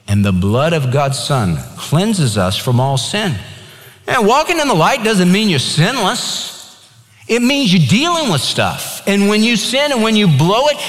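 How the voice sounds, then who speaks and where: A pastor preaching a sermon, reading scripture emphatically and telling stories. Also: male voice, high-pitched, a bit bright, big-room sound.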